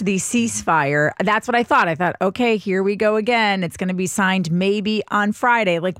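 Woman co-host, lively and joking, dry close mic. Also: fairly low pitch, no room sound. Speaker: radio co-host. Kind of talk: casual radio chat.

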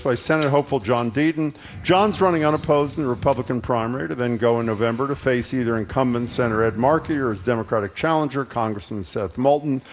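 Quick talking radio host guy, blunt questions, faint room hum. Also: medium pitch. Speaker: radio talk show host. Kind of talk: live radio interview.

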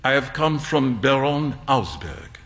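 A man reading a story aloud and voicing a courteous older gentleman with a slight French accent. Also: medium pitch, expressive, creaky, exaggerated voice. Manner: formal, courteous, measured. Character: polite elderly Frenchman with gold spectacles.

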